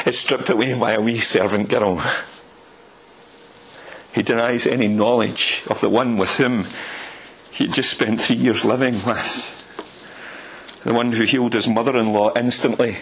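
A man's voice: medium pitch, fairly even intonation, normal speed, a bit bright, slight background noise, poor audio. A man from Scotland with a Scottish accent, preaching a sermon with rhetorical questions and folksy asides.

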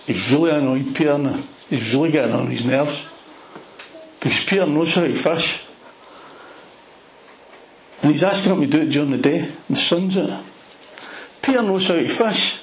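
Man, Glasgow accent, preacher, lively storytelling sermon, reverberant hall. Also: fairly high pitch, normal speed, long pauses, a little hiss or hum. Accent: Glaswegian Scottish. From Scotland. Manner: animated storytelling with local slang. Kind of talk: expository sermon.

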